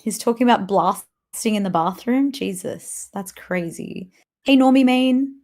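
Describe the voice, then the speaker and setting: A woman's voice: mid-range voice, unhurried, a little mellow. A woman live-streaming a game, chatting casually with a teammate and greeting viewers, laughing often. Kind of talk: casual live-stream chat while gaming.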